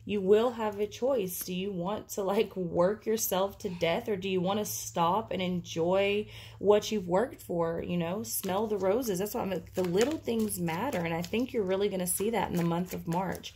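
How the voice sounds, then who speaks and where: A woman's voice: medium pitch, a little mellow, husky. A woman giving an intuitive tarot reading, talking casually and thinking aloud with many fillers. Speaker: tarot reader.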